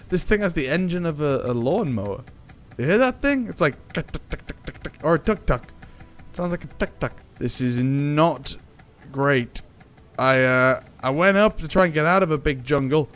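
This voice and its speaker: Excitable young man gaming. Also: slight background noise. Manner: excitable, swings between loud panicked outbursts and low muttering. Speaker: gaming YouTuber. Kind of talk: casual gameplay commentary.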